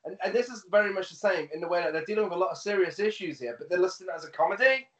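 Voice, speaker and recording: A man's voice: high-pitched, rapid-fire. A man co-hosting a podcast, chatting casually about a film with lots of swearing and laughter. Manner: swearing, laughing, animated storytelling. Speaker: podcast co-host. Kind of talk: casual film review chat. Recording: roomy, distant, dull sound.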